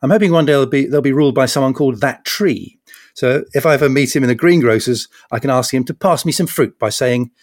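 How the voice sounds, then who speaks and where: A man's voice: mid-range voice, fast, no echo, clean studio sound. A man hosting a podcast, delivering a wry, punning satirical comedy monologue with sarcastic asides. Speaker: podcast host.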